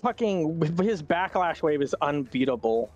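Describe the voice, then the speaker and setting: A man playing a fighting game with a friend, swearing a lot and yelling in frustration. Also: a little high, sing-song, measured pace, no echo, lo-fi sound. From Latino. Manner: swears constantly, yells in frustration. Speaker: gaming YouTuber. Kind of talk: casual gameplay banter.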